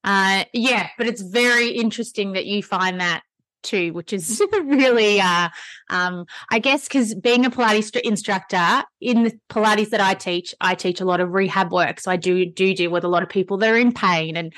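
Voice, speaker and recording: A woman's voice: mid-range voice, normal speed, fairly bright tone, dry recording. A woman hosting a podcast and working as a Pilates instructor, talking in an easy, chatty, enthusiastic way. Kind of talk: conversational podcast interview.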